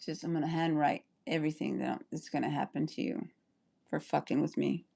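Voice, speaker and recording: A woman's voice: low voice, fairly even intonation, fairly quick, gravelly, mellow, slightly rough. A woman livestreaming an angry, rambling rant, full of profanity.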